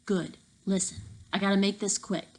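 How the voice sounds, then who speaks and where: A woman reading an audiobook, voicing a huge gruff male security guard who talks in a hushed, urgent way. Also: mid-range voice, steady tone, normal speed, close to an everyday voice, rough recording.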